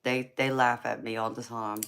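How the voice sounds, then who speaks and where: A woman's voice: very deep voice, flat delivery, normal speed, vocal fry, fairly bright tone, clean tone. Laughing Southern-accented woman chatting on a livestream. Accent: Georgia Southern. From California. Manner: chatty, laughs often, calls viewers honey and girlfriend. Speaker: livestream tarot reader. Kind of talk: casual live-stream chat with viewers.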